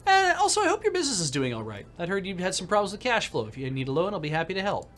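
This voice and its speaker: A man voicing a smug, scheming male rival TV producer who lectures in a smooth, condescending way. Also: high-pitched, wildly swooping pitch, rapid-fire, a bit bright, voice pushed up, heavily acted. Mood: sly.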